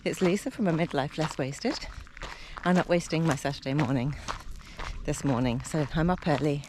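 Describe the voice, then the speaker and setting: A woman's voice: deep voice, moderate pace. Woman, 50s, chatty vlogger talking to a handheld camera mid-run by a lake, breathless at times; noisy outdoor sound. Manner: chatty, talks between breaths while running. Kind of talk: casual vlog while out running. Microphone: handheld camera while running.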